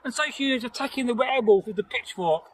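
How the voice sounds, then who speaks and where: Speaking at a quick pace in an extremely high pitch, a man casually tells a folktale outdoors as the storyteller host. He rambles and jokes, dropping in many "you know" asides, on a low-quality recording.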